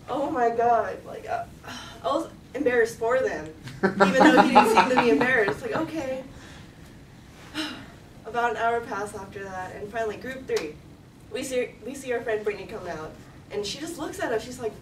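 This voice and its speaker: A woman's voice: a little high, animated, moderate pace, crowd noise. Chatty young woman telling a story. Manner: chatty, lots of "like", acts out quotes. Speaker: story slam performer. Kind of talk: live personal storytelling. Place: event hall. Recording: roomy, from a distance, noisy.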